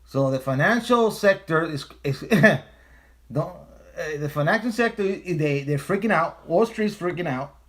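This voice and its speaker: A man's voice: a little high, expressive, a little slow, fairly bright tone. A man hosting a casual livestream, talking in an emphatic, profane way and repeating his phrases for stress. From United States. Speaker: livestream host.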